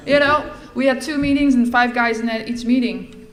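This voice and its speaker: A middle-aged woman giving a personal testimony at a recovery fellowship event, telling her story in a lively way and acting out the lines she quotes. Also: medium pitch, moderate pace, a little hiss or hum. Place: large event hall. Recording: echoey hall with faint ambience.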